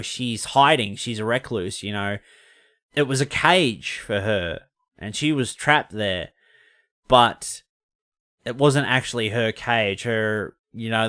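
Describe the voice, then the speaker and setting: A man's voice: lowish voice, fairly bright tone, clear, resonant tone. A man hosting a podcast, chatting casually through a film review in a loose, rambling way and correcting himself mid-sentence. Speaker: podcast host.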